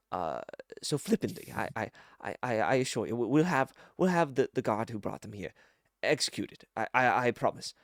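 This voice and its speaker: A man's voice: on the low side, vocal fry, no echo, studio quality. A man doing a stammering, fawning servant. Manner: stuttering, anxious, fawning. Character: nervous, stammering male royal servant.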